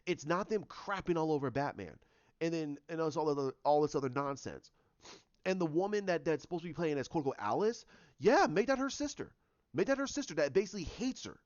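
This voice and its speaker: A man giving a ranting commentary, animated and repetitive, often restarting his sentences. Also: a little high, a little fast, no room sound, highs cut off. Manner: animated, repeats himself, many restarts.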